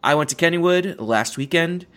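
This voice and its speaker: A young man hosts a casual podcast, rambling through stories, restarting himself often and laughing a lot. His voice is on the high side and expressive, with a fairly bright tone at a moderate pace.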